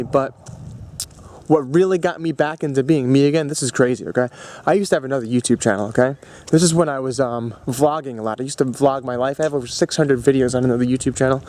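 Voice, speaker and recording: A young man vlogging, telling a long personal story in a rambling way, full of fillers and restarts, with bursts of excitement. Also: mid-range voice. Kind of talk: casual storytelling vlog.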